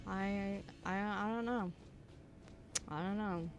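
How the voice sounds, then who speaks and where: A woman's voice: medium pitch, fairly even intonation, takes it slowly, soft background music. A woman streamer commenting on her own gameplay live, venting and swearing at the game.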